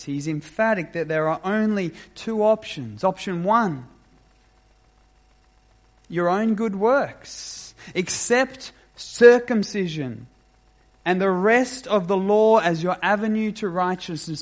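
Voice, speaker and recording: A man preaching a sermon as pastor, measured and emphatic, with deliberate pauses. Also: sits high.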